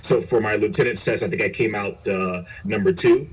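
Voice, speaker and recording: A man's voice: on the low side, steady tone, moderate pace, breathy edge. A middle-aged man, a police chief, telling his story in an interview in an earnest, reflective way with frequent restarts. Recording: voice picked up from a distance.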